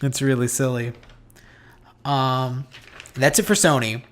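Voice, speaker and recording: A man co-hosting a casual podcast, excitable and rambling with lots of fillers. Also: mid-range voice, slow pace. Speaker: podcast co-host. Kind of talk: casual chat about video games.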